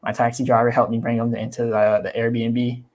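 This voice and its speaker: A man's voice: medium pitch, moderate pace. Young man chatting animatedly about crypto. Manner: animated, repeats himself, acts out quoted people. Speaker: crypto YouTuber. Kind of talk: casual livestream chat.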